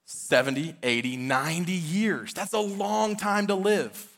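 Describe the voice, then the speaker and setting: A man's voice: sits high, a little slow, hardly any pauses, fairly bright tone. A man in his thirties preaching a sermon, earnest and conversational, often using casual fillers. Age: 30s. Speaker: pastor.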